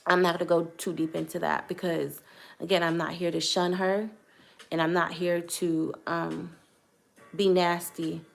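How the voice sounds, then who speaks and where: A woman's voice: on the low side, little pitch movement, measured pace, creaky. A young woman vlogger telling a personal testimony to camera in an earnest, hesitant way, choosing her words carefully.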